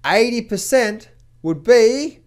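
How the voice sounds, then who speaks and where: A man, a trading coach, giving market commentary to camera in an emphatic way, often repeating words when excited. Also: very high-pitched, takes it slowly.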